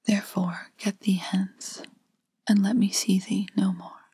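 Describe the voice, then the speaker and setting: A woman's voice: mid-range voice, level tone, a little slow, mellow, slightly rough, no room sound. A woman voicing a proud, scornful boy in a whispered role-play from a storybook fairytale, cold and haughty in tone.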